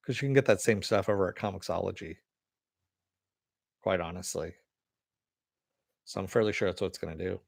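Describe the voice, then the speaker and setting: On a clean, dry studio recording, a man with a low, gravelly voice speaks a little fast, with long pauses. He hosts a podcast where he reads listener comments and rambles through entertainment news, laid-back, profane, and quick to laugh.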